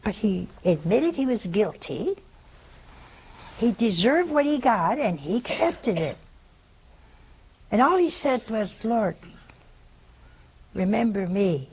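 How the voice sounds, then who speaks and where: A woman preaches slowly and tells her story in a folksy way, with asides to her viewers. Her voice is gravelly and husky. She takes her time. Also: mid-range voice, very animated, darkish tone, poor audio. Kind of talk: sermon.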